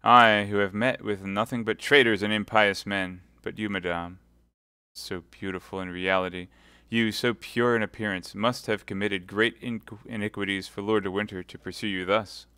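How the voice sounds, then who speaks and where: A man's voice: lowish voice, fairly even intonation, normal speed, pushed and bright, clean tone, no room sound. A man voicing a torn, earnest young Puritan officer who speaks with urgent intensity.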